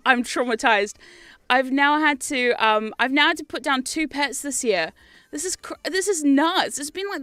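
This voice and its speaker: A young woman streamer in casual chat, rambling, animated and swearing freely. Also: high-pitched, no echo.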